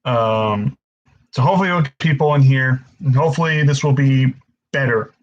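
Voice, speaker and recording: A man's voice: medium pitch, normal speed, dull audio. A young man hosting a casual live-stream Q&A, frustrated and stammering, swearing often as he answers viewers.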